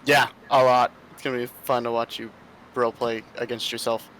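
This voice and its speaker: A man's voice: medium pitch, level tone, a little fast, fairly bright tone, slight background noise. A man playing a tabletop game, joking around and swearing freely. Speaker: player. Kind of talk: casual tabletop play.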